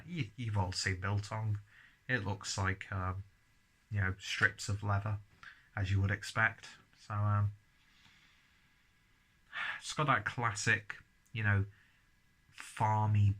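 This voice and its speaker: A man with a husky, low-pitched voice reviews beer and food in a relaxed, chatty way. His tone is forceful and bright, and he often keeps talking between bites. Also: unhurried, long pauses. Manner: chatty, talks while chewing. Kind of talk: casual tasting review.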